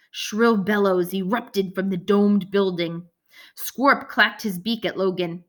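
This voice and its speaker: Brief: a woman reads a children's novel aloud, expressive, at a middle pitch. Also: slow. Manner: lively expressive reading. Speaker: audiobook narrator. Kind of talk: scripted narration.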